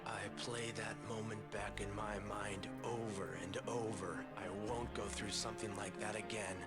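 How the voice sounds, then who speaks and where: A man's voice: lowish voice, steady tone, moderate pace, over loud music, voice pushed down, natural voice. A man voicing a brash young male priest with a put-on American Southern drawl, who chants solemn prayers. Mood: desperate.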